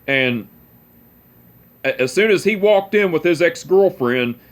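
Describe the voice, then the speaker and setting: With a slightly high, expressive voice at a measured pace, this young man relaxes into profane, casual family anecdotes, frequently cracking himself up.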